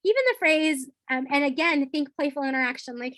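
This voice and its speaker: Woman teacher, lively training talk, acts out kid-friendly phrases, dry recording. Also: sits high, fairly quick, hardly any pauses, no echo, rough recording.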